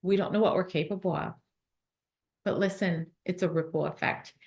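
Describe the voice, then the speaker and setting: A woman giving a motivational talk in a conference room, then leading a guided visualization in a calm, soothing way. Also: fairly low pitch, gravelly. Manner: warm, slow and soothing when guiding the meditation. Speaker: motivational speaker. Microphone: phone.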